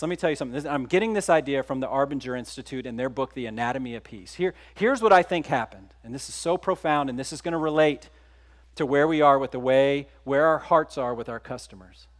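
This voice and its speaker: A middle-aged man from Texas speaks from a conference stage, telling a story to the audience. His voice sits a little high for a man, and he keeps it conversational, turning questions back to the listeners. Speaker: keynote speaker.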